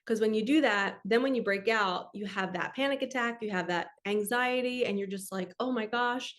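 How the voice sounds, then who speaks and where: Woman host, earnest and chatty, middle pitch, personal storytelling to listeners. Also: moderate pace, fairly bright tone. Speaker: spiritual podcast host.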